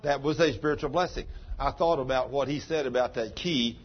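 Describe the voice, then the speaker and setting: A man's voice: medium pitch, fairly quick, breathy edge. A man preaching a chatty, folksy sermon and teasing members of the congregation by name. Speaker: pastor. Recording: dull sound with faint background noise.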